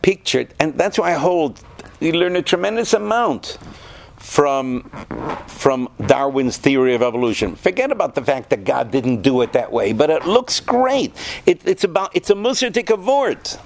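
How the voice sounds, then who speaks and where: A man teaching a class of students, animated and talkative, often asking them questions. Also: on the high side, normal speed, creaky. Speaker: yeshiva teacher. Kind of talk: lecture to students.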